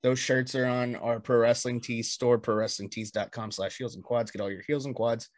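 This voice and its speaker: A man's voice: mid-range voice, flat delivery, moderate pace, dry recording. A man hosting a podcast in loose, profane, joking chat while plugging merch. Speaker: podcast host.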